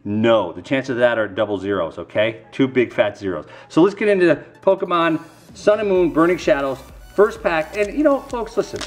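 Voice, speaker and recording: A man's voice: medium pitch, expressive, moderate pace, soft background music. A middle-aged man rambling casually to camera while opening card packs, with self-mocking, folksy asides.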